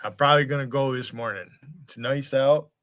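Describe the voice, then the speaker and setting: American guy on a stream cussing out his chat, mocking tone, bright voice. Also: medium pitch, fairly even intonation, a little fast, dry recording, clean studio sound. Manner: taunting, swearing, mocking. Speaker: livestream host. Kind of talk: profane rant at chat viewers.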